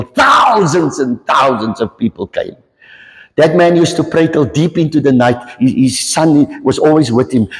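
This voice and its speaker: A man preaching a storytelling sermon, animated and repeating his key lines for emphasis. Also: medium pitch. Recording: long hall reverb.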